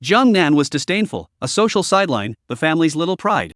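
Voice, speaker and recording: A man narrates a comic story recap, reading the script in an even way. His voice sits a little high, and the sound is dry and close with no room around it. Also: a little fast, no echo.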